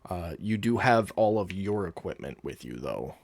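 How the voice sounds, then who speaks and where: A man's voice: deep voice, big pitch swings, moderate pace. A man acting as game master, patiently explaining rules and describing the scene step by step. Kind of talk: running a tabletop game online.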